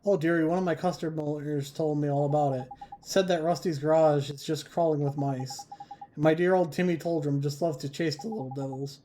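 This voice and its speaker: A man's voice: on the high side, steady tone, brisk, warm tone, a little hiss or hum, natural voice. A man voicing a fussy older woman who coos over her cat in a sweetly doting way. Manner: cooing, fussing, sweetly doting.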